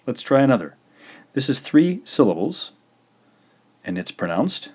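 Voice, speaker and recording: A man's voice: mid-range voice, very animated, a little mellow, husky. A man teaching a language lesson, carefully pronouncing syllables and repeating each one. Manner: slow, careful pronunciation of syllables with repetition. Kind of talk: scripted video lesson.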